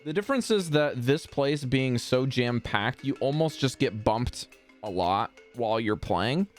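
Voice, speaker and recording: A man running a tabletop game as game master, narrating in a laughing, animated way. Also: medium pitch, a little slow, soft background music.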